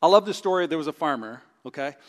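A middle-aged male pastor preaching a sermon with a live stage demonstration, animated and acting out his own inner voice with groans. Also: on the high side, fast talker. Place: church sanctuary. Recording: long reverb of a large hall.

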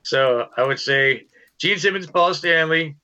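A man's voice: on the high side, a little slow, pushed and bright. A male musician guest telling stories in a loose, rambling way, full of restarts and "you know". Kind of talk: casual storytelling interview. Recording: dull lo-fi sound.

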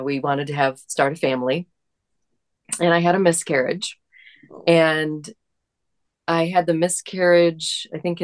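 A married woman in a casual conversation, sharing a personal memory in an earnest, gentle way. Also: low voice. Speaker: guest in a conversation. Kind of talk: casual reflective chat.

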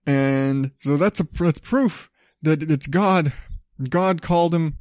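A man's voice: fairly high pitch, takes it slowly, a little mellow, no echo, studio quality. A man hosting a podcast, ranting in a blunt, profane, casual way. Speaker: podcast host.

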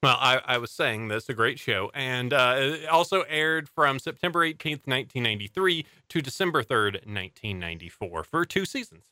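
A man's voice: mid-range voice, animated, moderate pace, hardly any pauses, bright, forceful tone, no room sound, clean studio sound. A young adult man hosting a casual podcast, enthusiastically reading out show facts between jokes. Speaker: podcast host. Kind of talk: casual chat.

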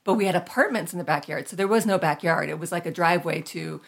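A woman hosting a podcast, chatting casually with a guest, laughing easily and jumping between quick asides. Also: on the low side, creaky. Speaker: podcast host.

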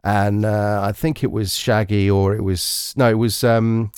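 A man's voice: fairly low pitch, flat delivery, a little slow, darkish tone, smooth, no echo, clean studio sound. A man hosting a casual movie review podcast. He rambles, corrects himself and gives blunt opinions. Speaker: podcast host.

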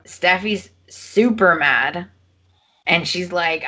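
Female podcast co-host, slow and bright, retells scenes with quoted lines. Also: on the low side. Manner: animated retelling, acting out characters' lines. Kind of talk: casual soap opera recap chat.

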